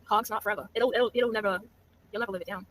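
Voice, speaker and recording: Fast-talking woman mocking on a stream. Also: mid-range voice, steady tone, a bit bright. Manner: mocking, laughing, casual. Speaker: livestream host. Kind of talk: gossip livestream.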